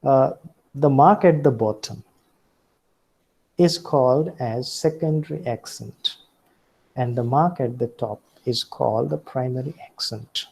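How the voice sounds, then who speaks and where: A man with an Indian English accent giving a recorded lecture, speaking deliberately with frequent fillers and self-corrections. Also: mid-range voice, gravelly, a little mellow, breathy edge, low-quality recording.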